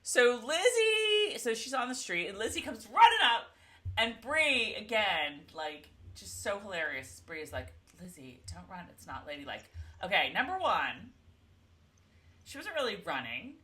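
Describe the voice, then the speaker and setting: Animated woman with a bright voice. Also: a little high, unhurried. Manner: animated storyteller, acts out characters' lines. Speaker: podcast co-host. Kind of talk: casual TV recap chat.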